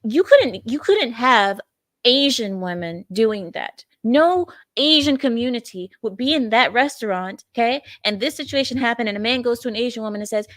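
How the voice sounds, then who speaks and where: Woman ranting about a clip she's reacting to, kinda high voice, dry close mic, repeats herself a lot. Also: animated, normal speed, fairly bright tone, no room sound. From not from the U.S. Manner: indignant, emphatic, repeats phrases. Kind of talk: opinionated reaction commentary.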